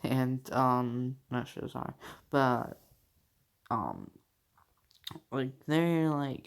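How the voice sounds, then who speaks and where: A man's voice: medium pitch, drawn-out words, creaky, pauses often, clear, resonant tone. A young man casually telling a fan-fiction story, rambling with lots of fillers and swearing. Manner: rambling, full of fillers and swearing, laughs at his own story. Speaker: channel host.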